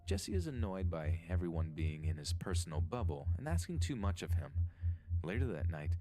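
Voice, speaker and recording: Deep dark-toned male list narrator. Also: very animated, moderate pace. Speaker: video narrator. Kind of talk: scripted list-video narration.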